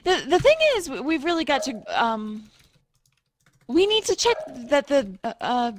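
An actress voicing an anxious hostess wife in a video game, flustered and stammering as she tries to smooth things over. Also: sits high, big pitch swings, normal speed, a little hiss or hum.

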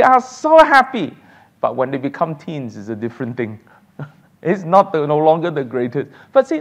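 A man teaching a church Sunday school class, animated and laughing often as he takes questions. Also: very high-pitched.

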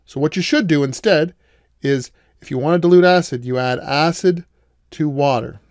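A man's voice: fairly high pitch, moderate pace, darkish tone, no room sound, clean studio sound. A man giving a recorded college math lecture, explaining each step patiently and asking the class questions as he goes.

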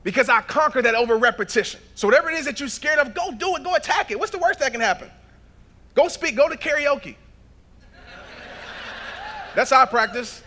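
Guy doing a motivational keynote on stage, highish bright voice, acts out stories then gets loud and preachy. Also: lively intonation, fairly quick, long pauses. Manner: storytelling with acted-out dialogue, preacher-like build to shouts. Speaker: motivational speaker. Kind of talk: keynote speech. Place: large event hall.

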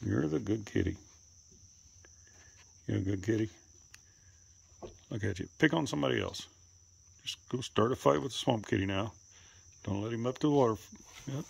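A man talking to his animals outdoors, coaxing and teasing them, sometimes cussing and calling out in a high voice. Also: normal speed, creaky, pauses often, slightly rough. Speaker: animal keeper filming his pets. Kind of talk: casual running commentary to animals. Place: outdoors, rural.

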